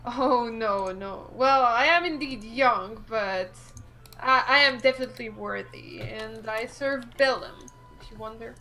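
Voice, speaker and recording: A bubbly, eager woman playing her character at a tabletop game. Her voice is high and bright. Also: a little slow, poor audio. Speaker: player.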